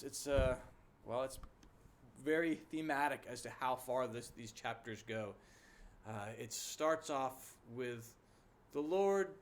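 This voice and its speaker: A man preaching a conversational sermon as pastor, full of fillers and restarts, climbing high when he voices the Lord's complaints.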